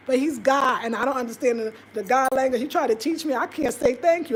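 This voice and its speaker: A middle-aged woman vlogger telling a story in a casual, animated way, laughing often and acting out quotes. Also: high voice, fairly quick, hardly any pauses, breathy edge. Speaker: travel vlogger.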